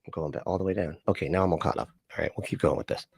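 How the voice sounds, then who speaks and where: A man's voice: low-pitched, steady tone, racing, gravelly, a little mellow, soft background music. A man hosting a livestream, rambling and joking casually, swearing a lot and laughing often. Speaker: livestream host reacting to videos. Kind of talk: casual profane livestream chat.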